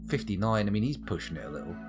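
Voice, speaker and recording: A man's voice: lowish voice, animated, very fast, over music. A man giving playful, jokey live gameplay commentary as a streamer, with muttered asides. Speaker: game streamer.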